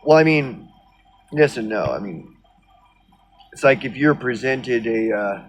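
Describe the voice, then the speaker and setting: Slow-talking, rambling, profane man. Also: medium pitch, animated, slightly rough, lo-fi sound. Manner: rambling, profane, sardonic, many fillers. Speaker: video blogger. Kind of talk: casual rant.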